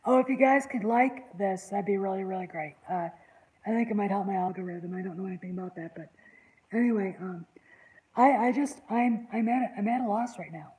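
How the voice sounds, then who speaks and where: A woman's voice: mid-range voice, a little fast, a little mellow, low-quality recording. Exasperated woman hosting a chat. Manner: exasperated, rambling commentary. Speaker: online channel host. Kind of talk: casual panel chat.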